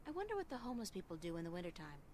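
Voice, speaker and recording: A woman's voice: on the low side, huge pitch swings, very fast, noisy background. An actress voicing a wry young woman game heroine who narrates in a dry, sardonic way. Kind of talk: video game voice acting.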